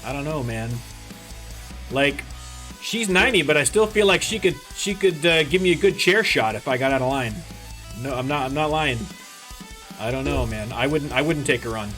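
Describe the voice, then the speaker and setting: A man's voice: fairly high pitch, expressive, normal speed, fairly bright tone, faint music behind. A young Canadian man hosting a casual let's-play, rambling and joking as he plays. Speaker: gaming channel host.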